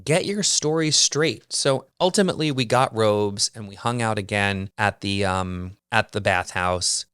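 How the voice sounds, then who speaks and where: A man's voice: on the low side, a bit bright, smooth, no echo, studio quality. A man hosting his own podcast, telling a story in a chatty, wry way with lots of casual fillers. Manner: chatty and wry, heavy use of "like". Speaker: podcast host.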